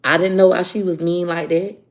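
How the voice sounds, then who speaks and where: A woman in casual vlog storytelling, animated and joking. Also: lowish voice, brisk, a little hiss or hum. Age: adult. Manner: animated storyteller, acting out quotes. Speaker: vlogger.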